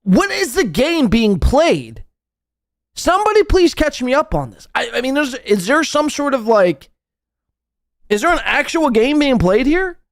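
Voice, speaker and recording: A man's voice: very high voice, very animated, measured pace, dry recording, studio quality. A man hosting a live podcast, reacting to clips with sarcastic, profane mockery. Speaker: podcast host.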